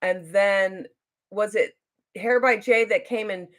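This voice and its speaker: Speaking slowly, a beauty vlogger from New Jersey shares a story on an informal livestream at home. She meanders, forgets where she was going, and leaps into high, excited voices to quote people.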